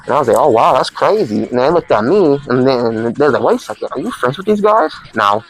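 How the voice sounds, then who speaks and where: A man's voice: mid-range voice, sing-song, a little fast, rough recording. A young man telling a comedic party story in a rambling, self-correcting way, acting out his friends' lines.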